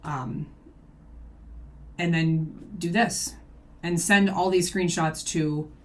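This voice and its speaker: A woman's voice: on the low side, steady tone, slow pace. A woman reacting to a video, defending herself point by point in casual commentary.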